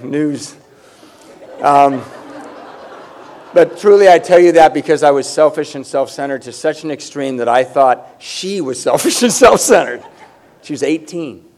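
A man's voice: medium pitch, darkish tone. Candid middle-aged man, self-mocking story. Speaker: speaker sharing his recovery story. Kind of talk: personal testimony with humor.

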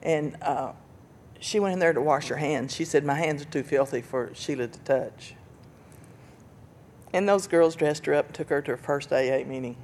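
An older woman giving an earnest personal testimony about recovery and loss, telling her story with bursts of laughter and loud quoted lines. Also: low-pitched, normal speed, a little hiss or hum. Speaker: speaker sharing recovery story.

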